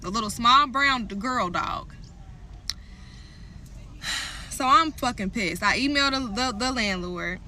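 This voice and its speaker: A young woman tells an angry story to camera in a bright, sharp, slightly high voice. She swears freely and fires heated asides straight at her viewers. A faint noise sits under the recording. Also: lively intonation, a little slow, long pauses. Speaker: vlogger telling a story.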